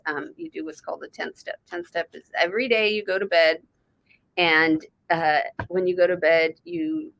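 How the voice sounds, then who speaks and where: A woman's voice: on the low side, fairly bright tone, poor audio. A woman doing an intuitive reading on a live stream, talking in a rambling, conversational way straight to the viewer. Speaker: intuitive reader. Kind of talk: live online reading session.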